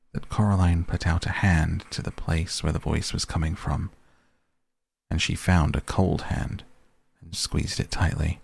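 A man reading a story aloud in a slow, grave, measured way, with a gravelly voice. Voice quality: deep, gravelly, husky voice. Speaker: narrator. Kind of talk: audiobook narration.

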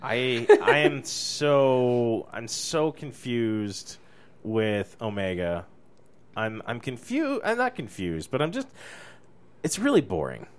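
A woman co-hosting a podcast, giving opinions in a casual, halting way with many restarts. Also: rumbling low, big pitch swings. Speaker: podcast co-host. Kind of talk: casual chat.

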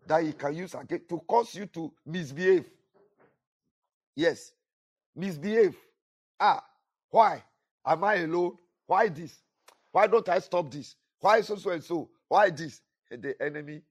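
A man's voice: a little high, measured pace, long pauses. A man preaching a sermon with emphatic, repetitive delivery, rising and falling for effect. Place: church.

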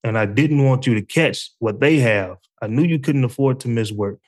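Man reading as God, patient, calm, gentle, even, read-aloud story. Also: mid-range voice, moderate pace, close to an everyday voice.

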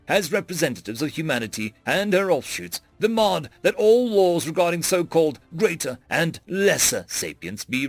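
A man voicing a calm, unreadable alien envoy who speaks in an even, measured tone. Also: fairly high pitch, dry recording.

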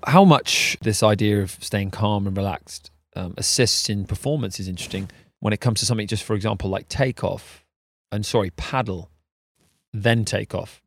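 A man co-hosting a podcast who chats casually, laughs a lot, cracks crude jokes and also leads slow breathing exercises. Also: on the low side, no echo. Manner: calm guided breathing instructions in the mindfulness segment. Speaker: podcast co-host.

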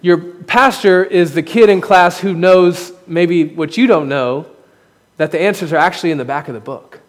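A man's voice: high-pitched, moderate pace. A male pastor preaching a sermon at a podium microphone, candid and self-deprecating, his emphasis rising and falling. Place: church sanctuary. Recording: long hall reverb.

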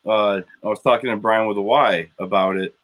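A man's voice: lowish voice, steady tone, fairly quick, a bit bright. A man from Illinois, co-hosting a casual podcast chat about a TV show and rambling as he tells stories. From Wilmington, Illinois, USA. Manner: rambling, repeats himself while telling stories. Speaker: podcast co-host.

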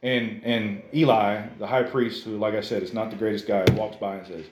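A man preaching a sermon to a congregation in a conversational, animated way, often calling the listeners "guys". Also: fairly low pitch, normal speed, few pauses, roomy sound, crowd noise. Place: church service.

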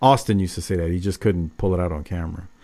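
A man's voice: low voice, steady tone, fast talker, dark tone. Male podcast host, casual, rambling, opinionated. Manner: loose, rambling, fired-up opinions.

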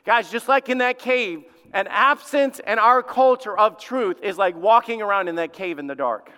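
A middle-aged man preaching a sermon as lead pastor, swinging between animated exclamations and hushed warnings. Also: high voice, normal speed, clear, resonant tone, long reverb tail.

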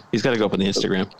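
A man co-hosting a podcast in casual chat, rambling and joking, often repeating himself. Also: lowish voice. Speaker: podcast co-host.

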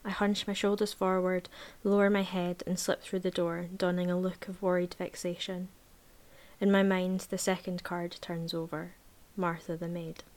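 A woman reading a novel aloud in a measured, even voice, then chatting casually about the book. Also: lowish voice. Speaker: book reviewer.

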